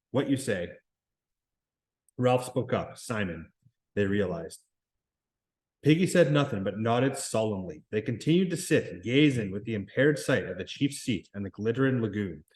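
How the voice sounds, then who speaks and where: A man reading a novel aloud in a plain, measured way. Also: mid-range voice. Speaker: reader.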